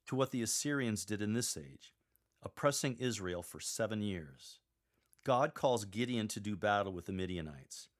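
A man's voice: mid-range voice, a bit bright. A man teaching how to read scripture aloud, giving emphatic instructions with wry asides. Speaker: lector coach.

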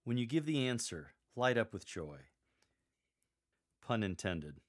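A man's voice: medium pitch, big pitch swings, a little slow. Wry man coaching scripture readers. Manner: wry asides, emphatic instructions. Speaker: lector coach. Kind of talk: teaching scripture reading.

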